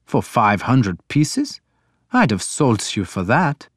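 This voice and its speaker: A man reading a blunt, loud Viking warlord. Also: mid-range voice, huge pitch swings, takes it slowly, dry recording, clean studio sound, full character voice. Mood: gruff teasing. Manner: blunt and teasing, threatening. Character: loud, bold Danish warlord, middle-aged man.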